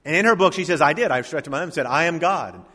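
A man's voice: fairly high pitch, expressive, sharp tone. Man preaching in a reverberant church. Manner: preaching with swelling emphasis and dramatic pauses. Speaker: pastor. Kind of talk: sermon. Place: church sanctuary. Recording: long hall reverb.

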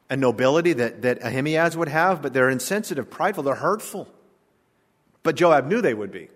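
A man in his sixties, a pastor, preaching a sermon that swings from quiet asides to loud emphatic lines. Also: a little high. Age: 60s. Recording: long hall reverb.

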